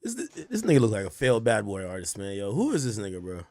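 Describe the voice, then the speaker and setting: Man reacting with lively, incredulous asides. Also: on the low side, quick pace. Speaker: streamer reacting to a clip. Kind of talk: casual reaction commentary.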